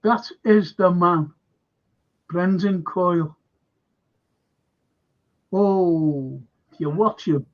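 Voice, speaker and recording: A man hosting a casual film chat stream, excitable and reading out viewer comments. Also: sits high, very slow, pauses often. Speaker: host. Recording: dull lo-fi stream audio.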